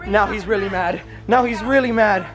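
Frantic young man shouting dude and yo. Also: high voice, normal speed, a crowd in the background. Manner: frantic, repeats words, says dude and yo. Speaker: vlogger. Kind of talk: excited casual vlog chatter. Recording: music playing under voice.

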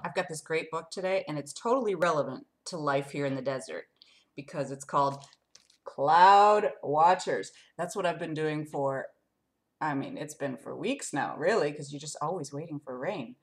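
Animated woman reading a picture book. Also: low voice, a little fast. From lives in Arizona desert. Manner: animated, sing-song, talks directly to young listeners. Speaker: children's book reader.

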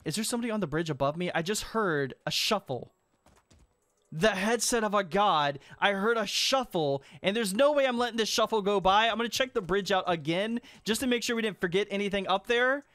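A young man commentating his own gameplay, excitable and teasing as he calls out to other players. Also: high voice, fairly quick, dry recording. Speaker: gaming YouTuber.

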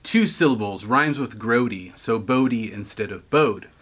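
A man's voice: mid-range voice, expressive, a little slow, a bit bright, breathy edge. A man hosting his own video, reading viewer comments aloud and answering with wisecracks and laughs. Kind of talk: casual chat.

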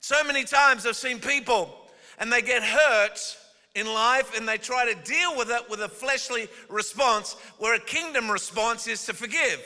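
A man preaching a sermon as a guest pastor, joking with the congregation and then driving his points home with force. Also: very high-pitched. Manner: calls the congregation up and has them repeat words; jokey asides, then forceful emphatic preaching. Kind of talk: energetic sermon. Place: church auditorium. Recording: long reverb of a large church hall.

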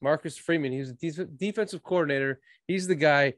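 Brief: fired-up male sports podcast co-host, profane ranting, fairly high voice, dead dry room. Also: brisk, dry recording. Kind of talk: casual sports chat.

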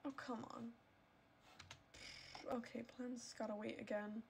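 A woman's voice: on the high side, darkish tone, slight background noise. A woman streaming a video game, chatting casually to her viewers in a rambling way with lots of filler words. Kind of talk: casual gameplay streaming chat.

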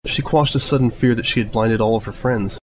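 A man reads a story aloud in a measured, steady narration. His voice sits at an ordinary middle pitch, with faint noise underneath. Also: low-quality recording. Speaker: fanfiction reader.

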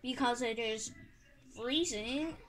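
Brief: female gaming host, goofy and rambling, high-pitched, unhurried. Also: a little hiss or hum, low-quality recording. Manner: silly, rambling, sing-song asides. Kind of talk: playful gameplay commentary.

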